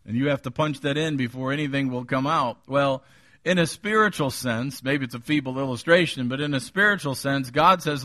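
A man's voice: medium pitch, brisk, bright, forceful tone, no room sound, studio quality. A man preaching a Sunday sermon, stressing and repeating key phrases. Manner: emphatic, repeats key phrases, occasional chuckle. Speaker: pastor.

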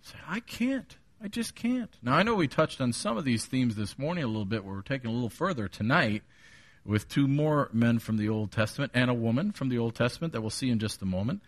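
A middle-aged man preaching an evening sermon, earnest and personal, reading scripture slowly and deliberately. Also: mid-range voice, lively intonation. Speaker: pastor.

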